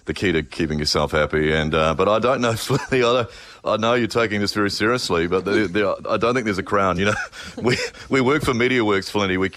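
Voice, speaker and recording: A man's voice: on the low side, brisk, fairly bright tone, dry recording. A man with a New Zealand accent, a radio host calling in for casual banter, laughing through his words. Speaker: radio host, guest caller.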